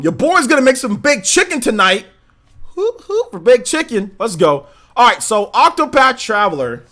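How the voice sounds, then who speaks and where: A young man hosts a gaming livestream, chatting loosely and telling stories animatedly, peppered with "man" and "like." His voice is high-pitched and a bit bright.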